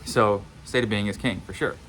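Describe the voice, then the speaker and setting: A man with a fairly low voice speaks straight to his listeners as a manifestation coach. He is blunt, circles back over the same points and swears casually. A faint hiss sits under the recording. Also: fairly even intonation, normal speed, a bit bright, low-quality recording. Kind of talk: casual motivational monologue.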